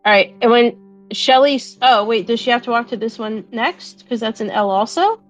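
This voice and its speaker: A woman's voice: on the high side, moderate pace, highs cut off, soft background music. A woman playing a tabletop game, chatty and upbeat, thinking aloud as she plays her character. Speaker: player.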